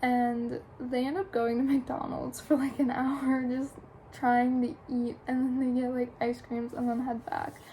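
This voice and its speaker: A woman's voice: sits high, little pitch movement, unhurried, mellow, a little hiss or hum, rough recording. A young adult woman chattily retelling a book's plot for a review, full of "like" and "um". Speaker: book reviewer. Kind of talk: casual plot recap.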